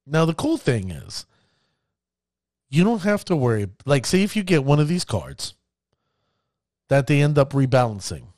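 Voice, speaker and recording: A man giving casual commentary on card games, addressing his viewers as ladies and gentlemen and acting out players' reactions. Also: mid-range voice, big pitch swings, normal speed, pauses often, no echo, clean studio sound. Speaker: card game content creator.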